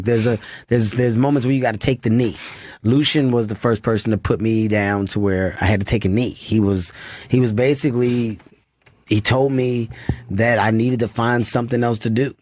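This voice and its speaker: A male comedian guesting in a studio interview tells candid stories earnestly, repeating phrases and acting out other people's voices. His voice is lowish with a darkish tone.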